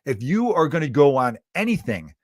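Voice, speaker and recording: A man's voice: fairly high pitch, big pitch swings, normal speed, a little mellow, no room sound, clean studio sound. A man hosting his own comedy podcast, riffing and ranting in a profane, exasperated way. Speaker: podcast host and stand-up comedian. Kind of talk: comedic solo rant. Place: lives in Chicago.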